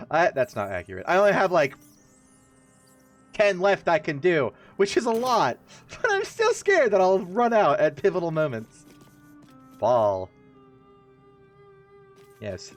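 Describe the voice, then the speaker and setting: A man's voice: fairly high pitch, wildly swooping pitch, a little slow, pauses often, faint music behind. Rambling, jokey male game streamer. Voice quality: rambling, jokey, self-mocking. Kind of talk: casual let's-play commentary.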